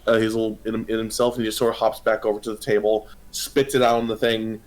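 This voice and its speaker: A man narrating as game master of a tabletop role-playing game, halting and full of pauses. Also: lowish voice, flat delivery. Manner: hesitant, many pauses.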